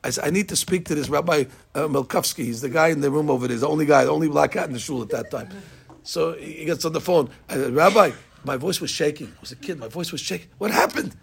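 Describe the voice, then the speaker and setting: An older man tells a moral story with animated gusto, slipping into the voices of the people in it. His voice sits a bit high for a man and is rough and gravelly, with a husky, breathy edge. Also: fast talker. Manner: animated, acts out dialogue, laughs at his own story. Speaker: storyteller giving a lesson. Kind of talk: storytelling sermon.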